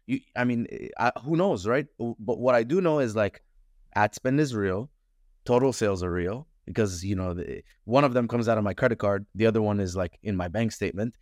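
Frank, animated man, low voice. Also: a little fast, dry recording, clean studio sound. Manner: animated, frank, swears casually, many fillers. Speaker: podcast guest, advertising consultant. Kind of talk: casual conversational interview.

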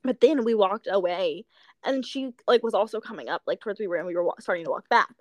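A woman's voice: mid-range voice, fast, no echo. A young woman co-hosting a podcast, chatting casually and telling stories with lots of giggling, sounding tired late at night. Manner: giggly, excitable storyteller. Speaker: podcast co-host. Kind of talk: casual chat.

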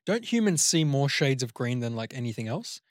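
A man with an Australian accent co-hosting a podcast, rambling in casual, relaxed chat with the odd swear word. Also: mid-range voice, fairly quick, no room sound, clean studio sound. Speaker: podcast co-host.

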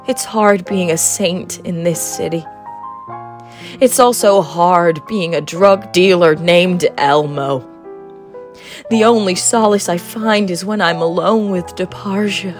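A woman doing a slow, brooding drug dealer. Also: lowish voice, soft background music. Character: brooding male drug dealer, lonely and melancholy. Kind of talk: noir-style monologue acting.

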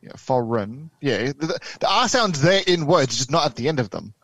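A man's voice: a little high, very animated, normal speed, fairly bright tone, no echo. A young man with an Australian accent chatting casually and laughing easily. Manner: easygoing, laughs often. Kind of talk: casual chat.

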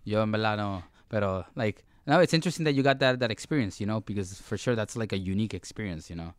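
Low, quick male host giving dry, close-mic responses. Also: clean tone, no echo. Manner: short backchannel replies, mixes Spanish and English. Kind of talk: casual bilingual chat.

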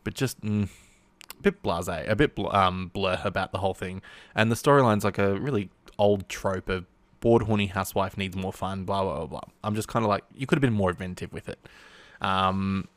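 A man's voice: on the low side, dry recording. A young man chatting casually and rambling, laughing often as he talks. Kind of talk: casual solo chat.

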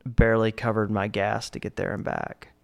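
A man's voice: on the low side, fairly even intonation, normal speed, creaky. A man in his thirties chatting casually, telling stories from old jobs and acting out the people in them. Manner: laid-back storytelling, acts out quoted people. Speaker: guest telling work stories. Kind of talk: casual chat.

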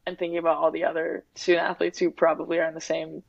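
Gravelly-voiced woman, candid. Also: sits low, completely flat delivery, quick pace, dry recording. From Winnipeg, Canada. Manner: reflective, open, heavy use of "like" and "um". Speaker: guest athlete. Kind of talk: candid interview talk. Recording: dull, dry lo-fi recording.

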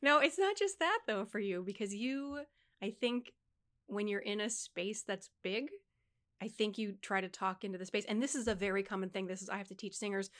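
A woman's voice: medium pitch, normal speed, fairly bright tone. Woman co-host, voice-teacher manner, frank and instructive, casual chat. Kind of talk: casual conversation.

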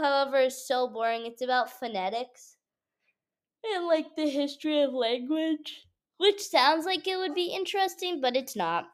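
A young woman, a college student, chatting casually to the camera in a vlog, telling stories with lots of fillers. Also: sits high. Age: young adult. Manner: chatty, animated storytelling with frequent fillers. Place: at home.

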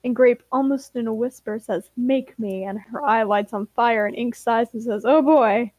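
A woman's voice: on the high side, fairly even intonation, moderate pace, no room sound, dull audio. A woman co-hosting a podcast, reading a fan story aloud casually with light character voices and asides.

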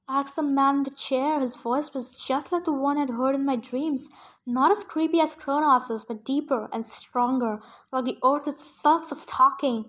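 A woman's voice: high voice, steady tone, moderate pace. A woman reading a novel aloud in plain narration, now and then stopping for chatty asides about her own misreadings. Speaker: reader.

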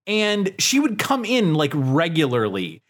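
Young male co-host, fairly high voice, lively and swinging pitch, rambling anecdotes with lots of fillers and cursing. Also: measured pace. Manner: rambling storytelling, many "like" fillers, swears. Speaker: podcast co-host. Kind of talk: casual chat.

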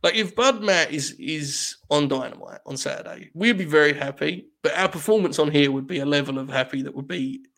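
A man's voice: a little high, fairly quick, few pauses, fairly bright tone. A man hosting a live-streamed podcast, joking and rambling with his co-host and laughing often. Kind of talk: casual wrestling chat on a live stream.

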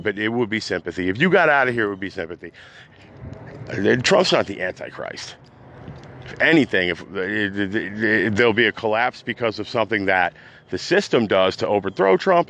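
A man hosting his own podcast, ranting unscripted, agitated and rambling, swinging between loud outbursts and low mutters. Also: a little hiss or hum. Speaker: podcast host. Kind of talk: unscripted rant.

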